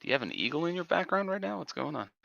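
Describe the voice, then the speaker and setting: A man co-hosting a casual livestream, laid-back and quick to laugh. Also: fairly high pitch, very animated, creaky, a bit bright, dry recording, dull audio.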